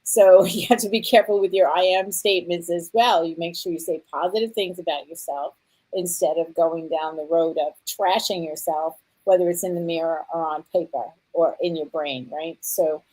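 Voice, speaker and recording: Affirming woman host, lower voice. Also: steady tone, normal speed, a little mellow, low-quality recording. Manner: affirming, frequent agreeing murmurs. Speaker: talk show host. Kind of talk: casual chat.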